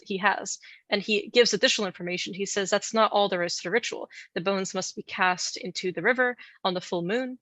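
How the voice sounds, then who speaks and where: A woman's voice: mid-range voice, bright, forceful tone, no room sound. A woman co-hosting a podcast, telling folklore in casual chat with playful asides and frequent laughter. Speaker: podcast co-host.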